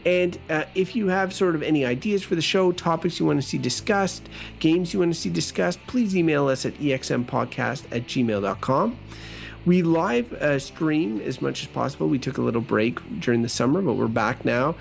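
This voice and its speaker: A man from Canada co-hosting a casual gaming podcast, rambling and chatty as he runs through the show's plugs. His voice sits a little high for a man and has a gravelly, fry-laden edge. Soft music plays faintly behind him. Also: animated, normal speed. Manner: chatty, rambling, self-correcting. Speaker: podcast co-host. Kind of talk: casual chat.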